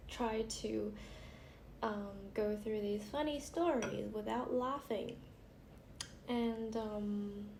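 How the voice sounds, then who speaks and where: A young woman vlogger chatting casually and reading funny stories aloud while she does her make-up, giggling and trailing into soft asides. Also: a little high, creaky. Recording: echoey room with faint background hiss.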